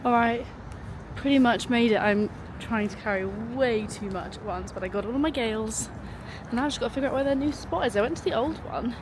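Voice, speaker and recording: A woman's voice: a little high, fairly quick, background noise. A young woman, chatting casually to the camera in a vlog, upbeat and swearing freely. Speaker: vlogger and small business owner.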